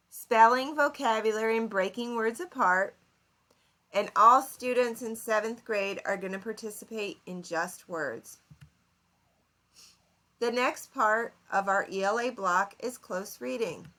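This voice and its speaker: A young woman teaching a recorded lesson to her class. She explains each point slowly and plainly, pausing to ask her students questions. Her voice is bright and sits a little high. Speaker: seventh grade English teacher.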